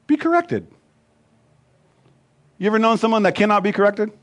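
High-voiced man preaching emphatically. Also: lively intonation, moderate pace. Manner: emphatic, repetitive preaching with rhythmic lists. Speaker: pastor. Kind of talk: sermon.

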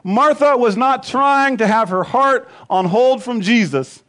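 High-voiced man preaching emphatically. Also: expressive, measured pace, a bit bright. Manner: emphatic, repetitive preaching with rhythmic lists. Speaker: pastor. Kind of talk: sermon.

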